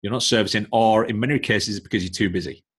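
A lowish-voiced man from Northern England talks fast with a breathy edge. He's a coaching business mentor appearing as a guest on a casual podcast, bluntly lecturing and backing his views with examples.

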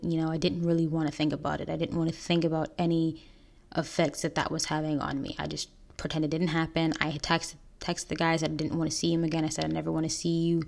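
A young woman hosting a podcast, telling a painful personal story in an earnest, halting way with restarts. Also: deep voice, creaky, a little mellow. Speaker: podcast host.

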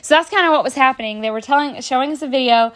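A woman's voice: high-pitched, very fast, fairly bright tone. A woman, telling stories in a rambling, chatty way on a podcast, full of fillers and restarts. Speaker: podcast host. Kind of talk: casual storytelling.

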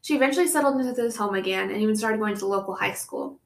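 A woman's voice: medium pitch, rapid-fire. Young woman podcast host, casual true-crime storyteller, mid-range voice, recorded in an echoey room. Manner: reads the case with chatty asides and laughs. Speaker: podcast co-host presenting the case.

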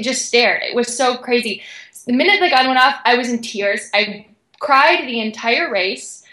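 Young woman athlete guest, bright voice, chatty "like" storytelling, roomy echo. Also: on the high side. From Canada. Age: young adult. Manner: excited, breathless storytelling with many "like"s. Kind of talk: animated storytelling.

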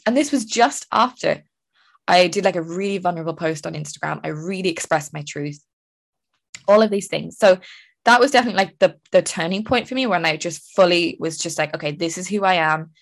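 A young woman from Ireland hosting a casual solo podcast, telling stories in a chatty, animated way with frequent laughs. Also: lowish voice, a little fast, gravelly. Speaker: podcast host.

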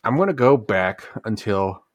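Lively low-voiced man joking around. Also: normal speed, lo-fi sound, slight background noise. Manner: joking, profane, animated storytelling. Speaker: podcast co-host. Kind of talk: casual podcast banter.

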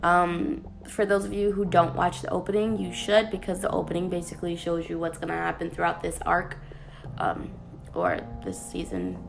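A woman talking casually to her viewers in an anime review, chatty and animated, with playful asides. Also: on the low side, moderate pace, gravelly, over music.

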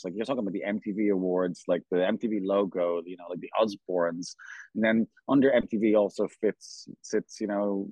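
An Irish man telling a long story as an interview guest, rambling and halting with many restarts. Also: on the low side, a little mellow, slightly rough, no echo, low-quality recording. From Ireland. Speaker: company founder, guest.

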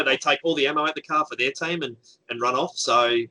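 A man talks as a guest in a loose, rambling way, full of fillers and restarts. His voice is bright and forward, sitting at an ordinary pitch for a man. It is casual conversational chat. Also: fast talker, low-quality recording. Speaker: guest, game organizer.

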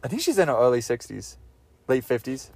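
A man's voice: mid-range voice, brisk, creaky, over a noisy crowd. A man hosting a casual podcast, telling stories with lots of laughter and casual swearing. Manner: animated storyteller, laughs often, swears casually. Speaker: podcast host.

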